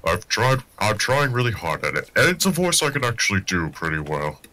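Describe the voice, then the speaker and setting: A man playing in a tabletop game, joking eagerly with quick asides. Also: fairly low pitch, sing-song, sharp tone.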